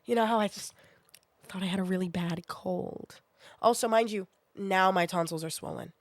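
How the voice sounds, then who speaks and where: On a dry recording, a twenty-something woman with a sinus infection spins a rambling, profane story for her stream's live chat. She's animated, speaking at normal speed in a mid-range voice.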